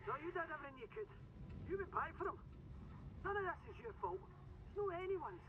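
Scottish rig worker, radio filter, dull lo-fi line, clear static, very high lively voice. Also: male voice, brisk. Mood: consoling. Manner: urgent, coaxing, swears.

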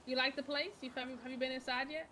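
A woman's voice: high-pitched, steady tone, fast talker, bright, forceful tone, slight background noise. A woman playing a bride in a role-play game, chatting in laid-back slang. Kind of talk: casual in-character role-play chat.

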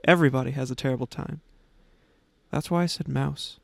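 A man's voice: medium pitch, steady tone, a little fast, creaky, no echo. A man reading a timid young man in a story. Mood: pleading. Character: timid young man who finally stands up.

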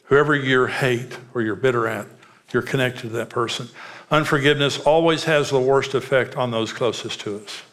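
A man's voice: mid-range voice, normal speed, fairly bright tone. A man preaching as a pastor, telling personal stories in an earnest, direct way.

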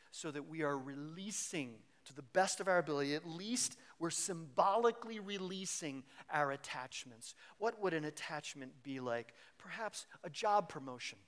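Animated male pastor preaching a sermon. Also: a little high. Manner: animated preaching that acts out worried inner voices.

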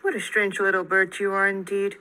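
A woman's voice: medium pitch, level tone, a little fast, pushed and bright, close to an everyday voice, poor audio. A woman voicing a burly, good-humored young male farmer who teases and chuckles as he talks, in an audiobook reading. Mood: teasing. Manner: teasing, chuckling.

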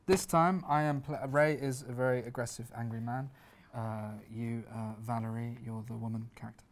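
Deadpan man coaching acting. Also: medium pitch, moderate pace, a little hiss or hum. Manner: deadpan, clipped, self-assured. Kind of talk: comedy sketch, deadpan.

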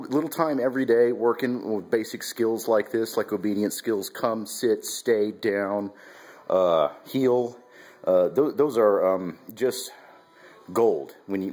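Brief: low, husky male vlogger, casual and rambling, restarts often. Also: a little mellow. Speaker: dog trainer vlogger. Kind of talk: casual instructional vlog. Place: at home, then outdoors with a dog.

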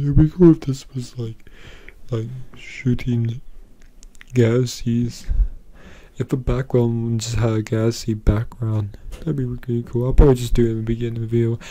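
A man's voice: medium pitch, flat delivery, normal speed, mellow. An exhausted man rambling through an unscripted vlog, repeating himself and mocking himself as he goes. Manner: rambling, repetitive, self-mocking. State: exhausted, worn out. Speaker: YouTuber.

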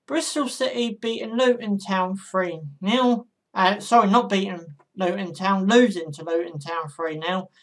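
A woman's voice: mid-range voice, unhurried, hardly any pauses. Chatty woman giving football predictions. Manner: chatty, speaks straight to viewers. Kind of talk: casual predictions monologue.

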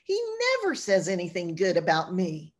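A woman's voice: fairly low pitch, sing-song, moderate pace. A woman voicing a whiny, self-pitying ancient male king in a storytelling lesson, sounding sulky and complaining.

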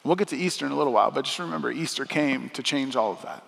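A man preaching a sermon as pastor, talking to the congregation in a conversational way that swings from soft asides to loud, emphatic lines. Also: mid-range voice, very fast, gravelly, long reverb tail. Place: church auditorium.

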